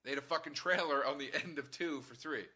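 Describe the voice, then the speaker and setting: Bright-voiced comedian telling stories. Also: male voice, on the high side, fast. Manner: storytelling, profane, acts out other people. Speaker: comedian co-host. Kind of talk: casual comedy chat.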